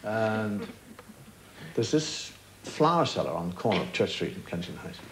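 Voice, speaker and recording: A fifties Irish man, a chat show guest in a TV studio, tells comic stories to an audience, adding wry asides and acting out the punchlines. His pitch sits fairly low and his pace is moderate. Captured on a studio broadcast mic, this old TV recording is poor, with loud hiss and the audience laughing.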